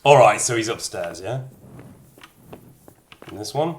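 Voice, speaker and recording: A man's voice: on the low side, expressive, a little slow, long pauses, a little hiss or hum. Chatty man streaming a game. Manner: chatty, reads out viewers' locations, jokey asides. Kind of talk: casual live-stream chat while gaming.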